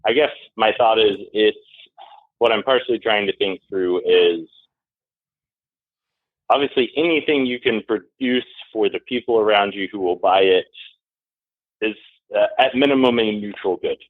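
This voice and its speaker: A man's voice: lowish voice, moderate pace, long pauses, dry recording. A man from Texas calling in, talking casually with rhetorical tag questions. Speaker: caller. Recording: tinny phone line.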